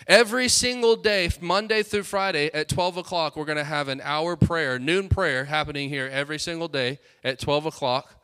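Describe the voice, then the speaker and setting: Male preacher, high clear voice, fired-up sermon with asides to the congregation. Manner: energetic, exhorting, quick asides to the congregation. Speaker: pastor. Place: church sanctuary.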